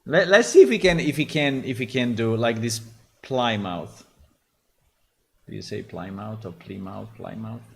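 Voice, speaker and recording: A man's voice: mid-range voice, lively intonation, moderate pace, pauses often, a bit bright, slight background noise. A man, a game developer, thinking aloud in a casual dev vlog, hesitant with many restarts.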